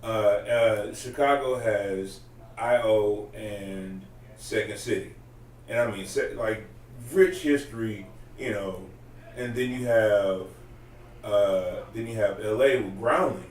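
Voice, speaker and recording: A man's voice: on the low side, slow, darkish tone, far from the mic. A man chatting casually in a loose, profane, rambling way. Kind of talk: casual podcast chat. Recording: roomy, off-mic, faint room noise.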